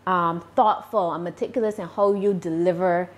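Barbadian woman, deliberate speech. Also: fairly low pitch, fairly even intonation. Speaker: YouTuber guest. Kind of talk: casual interview answers.

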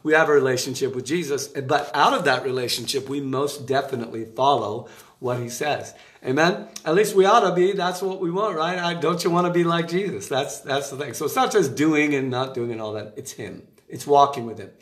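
A man giving a casual devotional talk from a room in his home, chatty and animated, with asides and laughter. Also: fairly high pitch, a little fast, echoey room. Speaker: preacher giving an online devotional. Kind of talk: casual preaching to camera.

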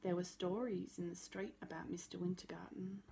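A woman reads a picture book aloud at a calm storytime pace, stopping to point out details in the pictures. Her voice is mellow and dark with a gravelly texture, and a faint hum sits behind it. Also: lowish voice, moderate pace. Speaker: storybook reader.

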